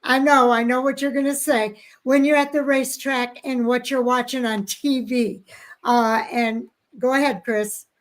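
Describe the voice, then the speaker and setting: Slightly high woman hosting radio. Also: steady tone, measured pace. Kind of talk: casual radio talk.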